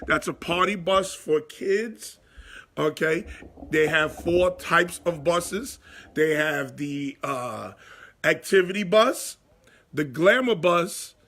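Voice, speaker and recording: A middle-aged man hosting a live sports talk show, chatting casually and giving shout-outs to viewers. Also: sits high.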